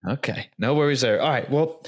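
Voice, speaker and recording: A man's voice: medium pitch, a little fast. A man hosting a podcast, laid-back and encouraging, dropping short reactions as his guest talks. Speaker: podcast host. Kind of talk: casual interview chat.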